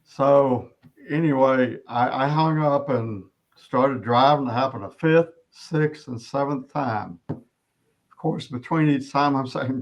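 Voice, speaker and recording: A middle-aged man giving an earnest personal testimony as an interview guest, often halting and restarting his sentences. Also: medium pitch.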